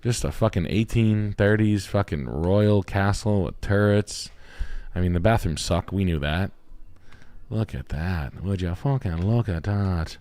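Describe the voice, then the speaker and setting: A man hosting a live stream and reviewing house listings in casual chat, excitable and full of profanity as he jokes and riffs. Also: low voice, measured pace. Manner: excitable, heavily profane, jokey riffing. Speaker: realtor and stream host.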